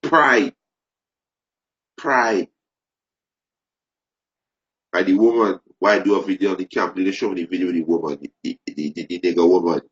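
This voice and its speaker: A man preaching fervently, repeating phrases, restarting sentences and rising into loud emphasis. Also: sits low, steady tone, normal speed, pauses often. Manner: repetitive, stumbling restarts, rising to shouted emphasis. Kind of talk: impassioned preaching. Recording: dull lo-fi recording.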